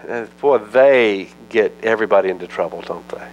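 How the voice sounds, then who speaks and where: A man's voice: medium pitch, measured pace, hardly any pauses, low-quality recording. A man pastor teaching a verse-by-verse Bible study in a conversational, folksy way, reading scripture aloud and acting out its dialogue. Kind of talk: expository sermon, Bible teaching.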